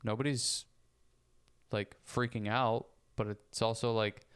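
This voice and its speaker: Podcast co-host, male, smooth clear voice, earnest and casual, swears now and then. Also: fairly low pitch, fairly even intonation, slow pace, pauses often, fairly bright tone. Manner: earnest, reasoning with sports comparisons, casual swearing. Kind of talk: casual conversation.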